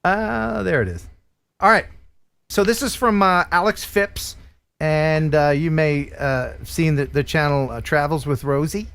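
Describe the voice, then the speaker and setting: A man's voice: measured pace, fairly bright tone, smooth. Chatty, upbeat male livestream host. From United States. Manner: chatty, joking, enthusiastic pitchman. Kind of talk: casual livestream chat and sponsor reads.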